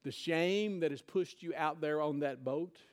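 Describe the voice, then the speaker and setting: A man's voice: on the high side, a little slow. A man preaching a sermon, retelling a scripture story in casual, conversational words. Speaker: pastor.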